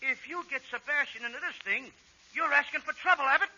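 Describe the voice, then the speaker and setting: A man's voice: extremely high pitch, brisk, pushed and bright. A man who is a comedian, in 1940s radio comedy, with a whiny, indignant wisecracking manner. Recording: dull 1940s radio broadcast, faint hiss.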